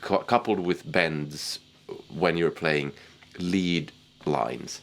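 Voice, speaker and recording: A man teaching guitar technique in a casual, relaxed way, poking fun at himself. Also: a bass voice, drawn-out words, creaky, background noise. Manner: relaxed, self-deprecating, chuckles at himself. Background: guitar playing.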